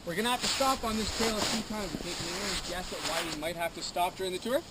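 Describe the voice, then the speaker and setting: A man's voice: high voice, quick pace. Upbeat male sled dog guide outdoors. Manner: upbeat and joking, ends lines with "okay?". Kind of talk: outdoor safety briefing to a group. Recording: noisy outdoor field recording.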